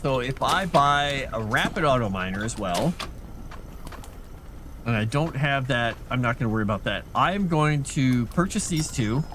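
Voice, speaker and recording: A man chats goofily while he streams a game, and his pitch swings widely through every sentence. A steady noisy background sits behind his voice. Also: normal speed. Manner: goofy, chatty. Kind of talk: casual gameplay commentary.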